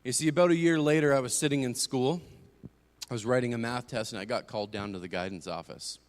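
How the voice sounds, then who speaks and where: A young man giving a personal testimony as a church speaker, moving between hushed and emphatic storytelling. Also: mid-range voice, fast. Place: church sanctuary. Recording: long hall reverb.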